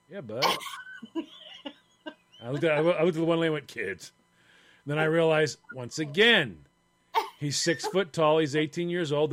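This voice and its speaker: A man's voice: on the high side, fairly bright tone. A man co-hosting a podcast, telling a self-mocking story in casual chat and acting out the other voices. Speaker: podcast co-host.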